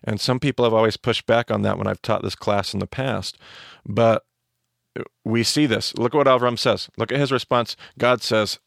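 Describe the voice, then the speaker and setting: A man's voice: fairly low pitch, fairly even intonation, normal speed, vocal fry, a bit bright, dry recording, clean studio sound. A man hosting a podcast, teaching the Bible, explaining with restarts and fillers and speeding up in asides.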